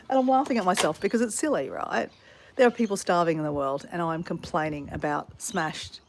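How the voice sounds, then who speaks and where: A woman's voice: on the low side, brisk, gravelly, slight background noise. Woman vlogger, exasperated, swears freely, laughs at herself, phone mic outdoors, faint backyard ambience. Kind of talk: casual vlog chat.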